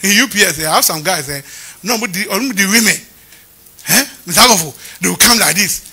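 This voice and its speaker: Man, pastor, sermon, husky voice, animated storytelling. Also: high voice, brisk. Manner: lively storytelling preacher who acts out the people he quotes. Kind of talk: preaching a sermon.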